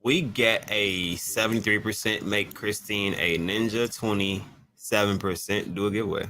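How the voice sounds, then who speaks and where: A man co-hosting a casual livestream chat, playful and teasing with loud excited bursts. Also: fairly low pitch, normal speed. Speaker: livestream co-host.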